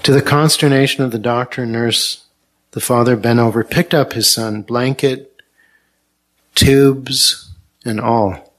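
Male preacher, unhurried sermon delivery, gentle and earnest, middle pitch.

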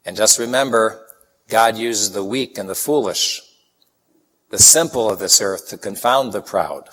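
A man from Chicago delivers a sermon in a fairly low voice, telling homely anecdotes and acting out the people in them. His voice carries a long reverb from a large hall. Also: measured pace. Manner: folksy, animated anecdotes with acted-out quotes. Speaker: preacher. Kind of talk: sermon with storytelling.

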